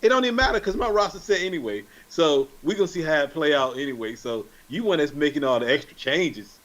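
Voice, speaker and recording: A man co-hosting a casual sports podcast, animated and teasing in slangy banter. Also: on the high side, quick pace, dull audio. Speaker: podcast co-host.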